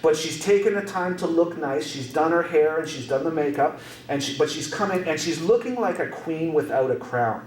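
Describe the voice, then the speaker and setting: English teacher guy, keeps going "right?", kinda high voice, sounds far from the mic in a roomy space. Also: expressive, moderate pace, a little mellow. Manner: repetitive, checks in with rhetorical questions. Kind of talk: classroom lesson, explaining song lyrics. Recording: echoey room, distant mic, faint hum.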